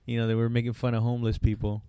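A man's voice: mid-range voice, monotone, rapid-fire, mellow, clear, resonant tone, no room sound. A man co-hosting a casual podcast from a bedroom, joking, swearing and laughing often. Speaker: podcast co-host. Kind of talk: casual chat.

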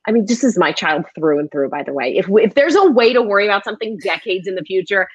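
A woman's voice: mid-range voice, expressive, fast talker, few pauses, dry recording, dull audio. A woman in her thirties hosting a casual podcast chat, telling stories about her kids with frequent laughter. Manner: laughs often, chatty storytelling. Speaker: podcast host.

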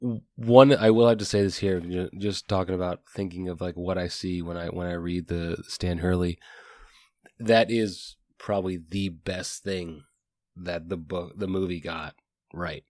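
A man with a very low voice talks loosely about a book series, leaning on fillers and self-corrections as he searches for words. The sound is dry and close, with no room around it. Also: fairly even intonation, a little slow, a little mellow, no room sound. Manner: rambling, many fillers and restarts. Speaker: podcast co-host. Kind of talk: casual book discussion.

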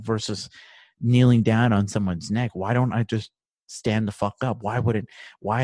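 A man with a fairly low voice talks through a casual podcast conversation, rambling, restarting, and swearing freely as he warms up. The sound is dry and close, with no room around it. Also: no echo. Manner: rambling, swears often, grows heated and loud. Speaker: podcast guest or co-host, police trainee.

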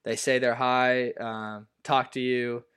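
Young man, smooth voice, halting casual talk. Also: mid-range voice, flat delivery, fairly bright tone. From US Pacific Northwest. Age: young adult. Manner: halting, full of fillers and restarts. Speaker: baseball player guest. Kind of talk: casual interview.

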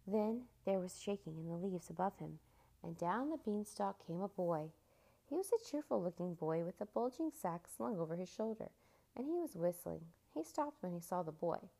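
A woman reading a children's storybook aloud in a steady, expressive narration. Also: medium pitch, moderate pace, vocal fry.

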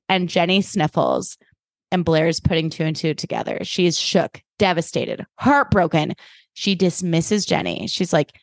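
A woman's voice: fairly low pitch, moderate pace, no room sound, studio quality. A young adult woman co-hosting a casual podcast, recapping a TV episode and acting out the characters' lines with lots of swearing. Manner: animated, acts out characters' lines. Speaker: podcast co-host.

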